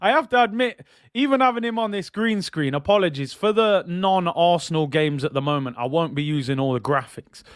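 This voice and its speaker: A man's voice: fairly high pitch, animated, a little fast, clean tone, dry recording, studio quality. A man hosting a live football watch-along, chatting casually in slang and reading out viewer messages.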